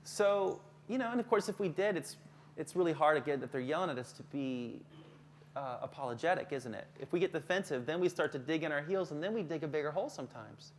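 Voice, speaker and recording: A man's voice: a little high, expressive, fast talker, slight background noise. Chatty middle-aged man leading a workshop. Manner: joking, conversational, asks the audience questions. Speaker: counselor giving a workshop to teachers. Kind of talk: live workshop talk.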